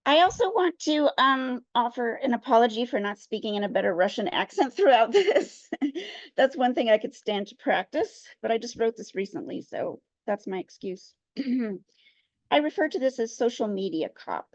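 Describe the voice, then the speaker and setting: Playful high-voiced woman poet. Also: sing-song, normal speed, no room sound. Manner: chatty, playful, laughs between pieces. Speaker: poet guest. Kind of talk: comic poetry reading. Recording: dull, dry sound.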